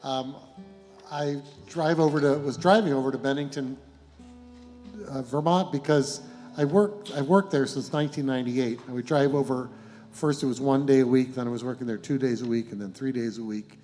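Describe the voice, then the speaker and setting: A middle-aged man, a folk musician, telling a gentle, meandering anecdote between songs on a concert stage, chuckling as he goes. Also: medium pitch, normal speed, soft background music. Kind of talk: rambling onstage storytelling. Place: live concert venue stage. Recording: reverberant live hall with instruments.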